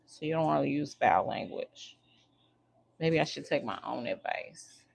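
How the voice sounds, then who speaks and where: A woman chats casually on her livestream, teasing and talking to her viewers as she goes. Her voice sits a little low and has a gravelly edge. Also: expressive, measured pace. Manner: chatty, teasing, talks to viewers while doing hair. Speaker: livestream host.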